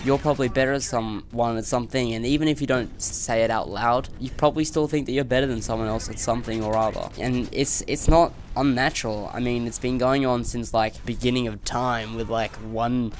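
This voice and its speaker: A man's voice: medium pitch, fairly even intonation, brisk, few pauses, a little hiss or hum. A man with an Australian accent giving a rambling, swearing rant as a gaming commentator.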